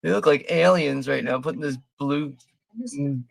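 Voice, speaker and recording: A man's voice: a little high, normal speed, creaky, dry recording. A man from Philadelphia hosting a live movie watch party, rambling and swearing with frequent laughs. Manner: profane, rambling, laughing often. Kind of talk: casual live commentary.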